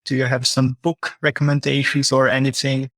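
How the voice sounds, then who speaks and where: A man's voice: medium pitch, monotone, moderate pace, a bit bright, dry recording. Affirming male webinar moderator. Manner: brief, affirming, reads out questions.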